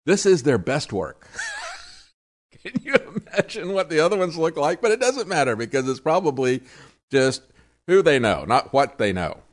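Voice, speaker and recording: A man's voice: a little high, sing-song, normal speed. A man hosting a political talk show, delivering sarcastic commentary and mocking the people he quotes.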